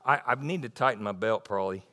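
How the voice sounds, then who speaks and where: This sermon comes from a middle-aged man whose voice runs on the low side and moves at a quick pace. He preaches in a folksy, animated storytelling mode that climbs into excited bursts.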